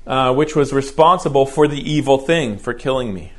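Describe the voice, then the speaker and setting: A man's voice: medium pitch, normal speed. A man teaching a verse-by-verse Bible lecture to a class, explaining patiently and often checking in with "right?", stretching key words for emphasis.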